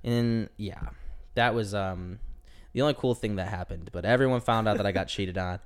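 A man's voice: on the low side, moderate pace, clear, resonant tone. A young man telling a long personal story in casual chat, heavy on filler words, acting out what people said. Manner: rambling, lots of "like" fillers, acts out quotes.

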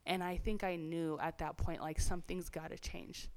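A woman's voice: fairly low pitch, flat delivery, normal speed, darkish tone. A young woman telling her personal testimony as an interview guest, chatty, full of "like" and "you know", acting out other people's voices.

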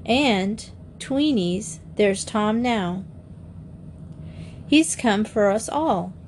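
A woman voicing a gentle teenage girl who soothes small children in a soft, motherly way. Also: mid-range voice, expressive, extremely slow, a little hiss or hum. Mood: soothing. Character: teen girl Diana, gentle older sister.

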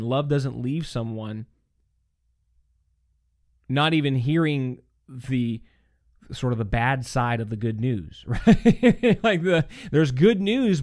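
A man's voice: medium pitch, no echo, clean studio sound. A man hosting a podcast, teaching on scripture in an earnest conversational way, often restarting his sentences and checking in with "right?". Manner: earnest, animated, frequent restarts and "right?" asides.

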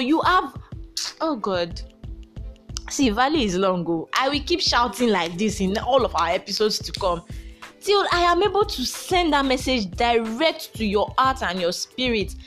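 A young Nigerian woman hosting a Christian podcast, talking emphatically and preaching at times. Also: medium pitch. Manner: emphatic, preachy, shouting at times with bursts of laughter. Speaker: podcast host. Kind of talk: motivational Christian podcast talk.

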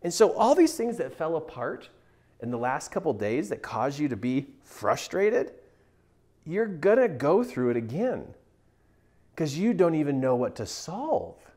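Male mindset coach, slightly high voice, very lively pitch, emphatic teaching delivery. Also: measured pace. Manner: animated, emphatic teaching with acted-out quotes. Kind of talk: motivational talk at a whiteboard.

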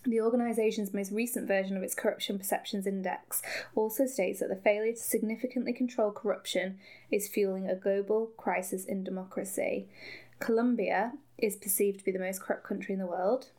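A woman's voice: mid-range voice, fairly even intonation, a little fast, warm tone. Woman cohost, laughs a lot, ironic jokes, chatty. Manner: giggly, playfully ironic. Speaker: podcast co-host. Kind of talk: casual chat.

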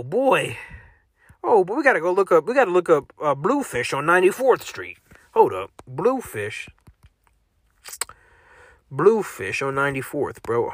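Male solo podcast host, profane and joking, animated delivery, dry close mic. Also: high voice, no room sound. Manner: profane, joking, reacting aloud while browsing online. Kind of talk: casual solo podcast commentary.

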